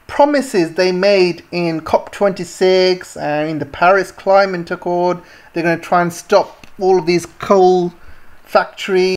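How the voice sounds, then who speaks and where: A woman vlogger giving scornful, indignant political commentary, with many fillers and restarts. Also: on the low side. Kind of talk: ranting commentary.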